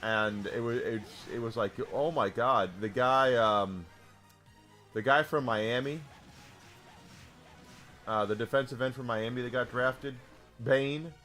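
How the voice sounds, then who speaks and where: Male streamer, mid-pitched, rambling casual chat, faint game music underneath. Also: fairly even intonation, slow pace, long pauses, fairly bright tone. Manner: rambling, restarts, heated about sports.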